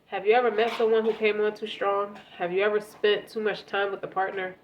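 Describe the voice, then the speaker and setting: A woman with a stuffy, congested voice gives a relaxed tarot reading, talking straight to the listener at a middling pitch. She often restarts and repeats words. The recording is a little dull, with faint noise underneath. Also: brisk. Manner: conversational, repeats words, speaks directly to the listener. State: congested from a cold. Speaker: tarot reader. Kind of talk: casual tarot reading for viewers.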